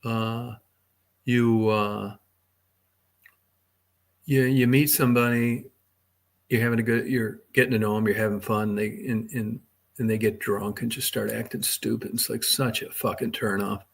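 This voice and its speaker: A man's voice: fairly low pitch, little pitch movement, unhurried, vocal fry, long pauses. Crude rambling male livestreamer. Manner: crude, rambling, swears often; talks to chat viewers by name. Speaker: livestream host. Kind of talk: casual livestream chat.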